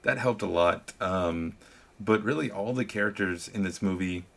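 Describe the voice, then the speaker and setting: A man in casual podcast chat, talking earnestly and candidly in short, halting bursts as he reviews a movie. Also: low-pitched, creaky, a bit bright.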